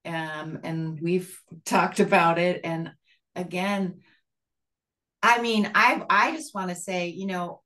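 Woman, lower voice, earnest rambling share at a recovery meeting. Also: a bit bright. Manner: rambling, earnest, many fillers. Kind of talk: sharing at a support group call.

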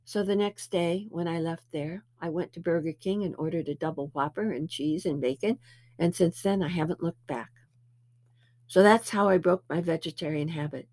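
A woman's voice: lowish voice, normal speed, darkish tone, no echo. A woman giving a spiritual talk, telling anecdotes with chatty storytelling and playful self-mockery. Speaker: spiritual speaker.

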